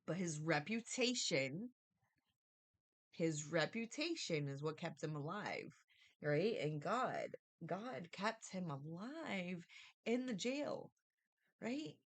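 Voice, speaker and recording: Lower-voiced woman rambling through a Bible review. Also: big pitch swings, slow. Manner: rambling, thinks aloud, asks "right?". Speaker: Bible study vlogger. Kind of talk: casual Bible study review.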